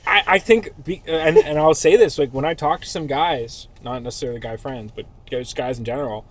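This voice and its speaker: Man with riffing on a podcast, crude and jokey, voice a bit high. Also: brisk. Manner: crude, joking, laughs often. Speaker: podcast host. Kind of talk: casual podcast chat.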